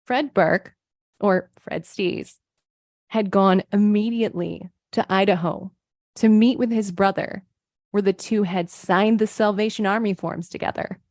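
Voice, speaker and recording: A woman narrates a true crime case for a podcast, mid-pitched and reading steadily from her notes. The recording is close and dry, with no room sound. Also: fairly even intonation, measured pace, a little mellow, no room sound. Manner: reads case details from a script, quoting sources. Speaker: podcast co-host.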